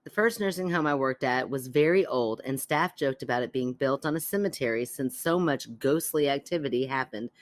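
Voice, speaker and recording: A woman's voice: extremely low pitch, brisk, few pauses, no echo. A woman co-hosting a podcast, chatting casually and cold-reading a listener's letter aloud, laughing easily and teasing.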